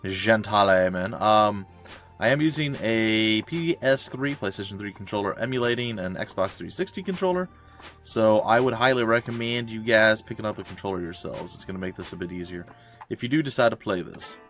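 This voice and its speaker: A man's voice: on the low side, moderate pace, a bit bright, faint music behind. A man hosting a let's play, chatting casually over gameplay with rambling, joking asides.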